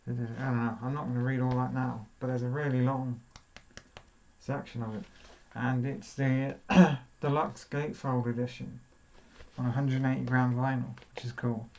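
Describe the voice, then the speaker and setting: A man's voice: mid-range voice, flat delivery, moderate pace, a little mellow, dull audio, slight background noise. A man casually chatting as he unboxes vinyl records, thinking aloud and poking fun at himself.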